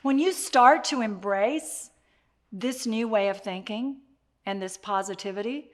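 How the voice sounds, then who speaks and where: A woman gives a motivational talk, addressing the listener directly, animated and repeating her key phrases. Her voice is mid-range at a measured pace.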